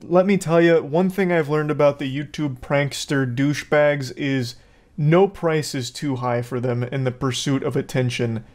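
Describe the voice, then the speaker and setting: A man's voice: a little high, steady tone, normal speed, darkish tone. A man giving blunt, profane, sarcastic commentary on video clips. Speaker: commentary host.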